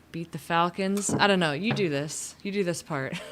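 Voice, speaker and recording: A woman co-hosts a casual livestream and reads the chat aloud in a quiet, teasing voice, laughing often. Her voice sits a little low for a woman. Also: slow pace, noisy background. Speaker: co-host reading chat.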